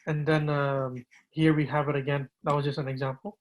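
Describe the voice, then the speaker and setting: A man, an imam, patiently teaching pronunciation and repeating words slowly to gently correct students. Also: fairly high pitch, little pitch movement, low-quality recording.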